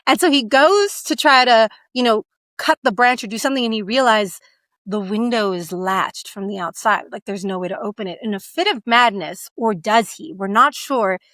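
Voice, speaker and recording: A woman co-hosting a podcast, retelling a book's plot in a lively, dramatic way and slipping into the characters' voices. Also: fairly high pitch, moderate pace, no room sound. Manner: lively storytelling that acts out the scenes. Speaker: podcast co-host. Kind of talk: casual book discussion.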